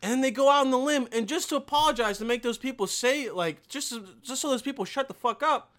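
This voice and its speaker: A young man ranting profanely to camera as a vlogger, with loud bursts and mocking quoted voices. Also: very high voice, a little fast. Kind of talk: profane comedic rant.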